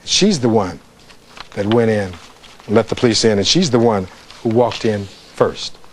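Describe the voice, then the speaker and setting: A man's voice: lowish voice, moderate pace, slight background noise. A man, a defense attorney, giving a closing argument in a courtroom, reading testimony aloud and putting rhetorical questions to the jury.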